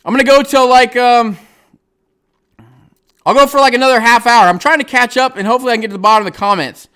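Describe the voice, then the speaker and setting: A man chatting on a casual livestream, reading out viewer comments and rambling through his thoughts with plenty of ums, restarts and small chuckles. His voice sits high and sounds bright and crisp. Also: fairly even intonation, fast talker. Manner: rambling, hesitant, many fillers and restarts; chuckles often while talking.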